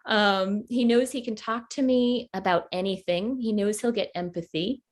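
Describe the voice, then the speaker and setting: A woman in her forties, telling a personal story with halting, heartfelt pauses and fillers as a workshop presenter on a video call. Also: medium pitch. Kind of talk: storytelling talk to an online group.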